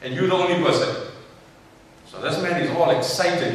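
A man's voice: a little high, lively intonation, normal speed, a little hiss or hum. A man giving a storytelling sermon as an Islamic lecturer, acting out the characters in his story and quoting Arabic. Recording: echoey hall, far from mic.

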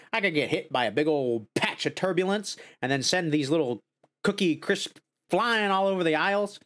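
A man streams a casual snack tasting, full of excitement and jumping to high squeals of joy and dismay, then dropping to murmurs as he savors.

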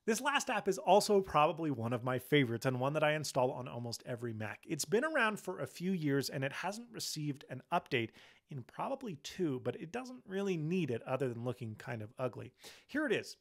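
A young man walks through software on his tech channel in a chatty, eager way, though he sounds worn out and short on energy. His voice has a gravelly edge, and it sits slightly high for a man. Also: very animated, fairly quick. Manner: chatty, enthusiastic, talks while demonstrating. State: tired, low on energy. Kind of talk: casual software demo.

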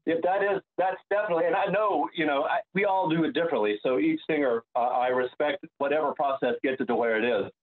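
A man, an opera bass, talking reflectively in an interview and often restarting his sentences. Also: quick pace, hardly any pauses. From United States. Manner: searching, restarts sentences, many fillers. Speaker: opera bass singer, guest. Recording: tinny phone-like line.

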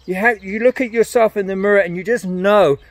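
Older guy preaching straight to camera, earnest and emphatic, a bit high, dry close sound. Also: brisk, no echo. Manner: earnest, emphatic, repeats phrases. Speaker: evangelist. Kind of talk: evangelistic message to camera.

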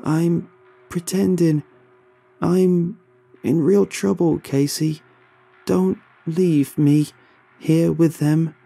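A man's voice: medium pitch, very animated, slow, vocal fry, mellow, slightly rough, voice pushed up, heavily acted. A man reading a horror story and voicing a desperate young man who speaks in an urgent, pleading way.

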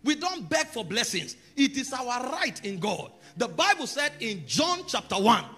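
A man delivers a sermon at a measured pace, his husky, bright-edged voice leaping high and low. He shifts from calm teaching to loud, emphatic declarations while soft music plays underneath.

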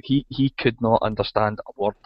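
A Scottish man, a podcast guest, telling a story in a relaxed, casual way. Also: fairly low pitch, normal speed, no room sound. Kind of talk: casual chat. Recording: dull lo-fi sound.

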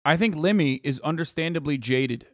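A man's voice: fairly high pitch, normal speed, dry recording, studio quality. A man hosting a livestream, reacting casually with profane, sarcastic, rambling talk full of restarts. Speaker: livestream host. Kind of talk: casual stream reaction commentary.

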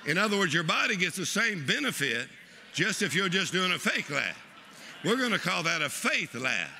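Preacher guy, super bright gravelly voice, exuberant sermon, bit of hiss behind. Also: high voice, big pitch swings, normal speed. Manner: exuberant, leads the crowd in laughing. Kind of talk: lively sermon.

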